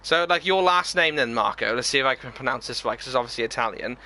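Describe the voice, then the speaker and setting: A man with a bright, forward, mid-range voice chats casually during a live gaming stream. He's animated and fast, reading viewer comments aloud and answering them easily.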